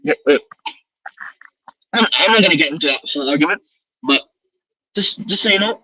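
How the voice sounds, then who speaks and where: A man's voice: high-pitched, animated, brisk, pauses often, bright, forceful tone, husky, dry recording, poor audio. A man calling in to a fan show, ranting heatedly and repeating himself to drive his points home. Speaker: caller. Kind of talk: casual chat.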